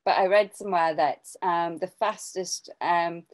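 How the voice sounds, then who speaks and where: A woman's voice: fairly low pitch, fairly even intonation, unhurried, poor audio. An English woman co-hosting an art podcast, chatting casually, rambling with many restarts and small laughs. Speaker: podcast co-host and artist. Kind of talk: casual chat.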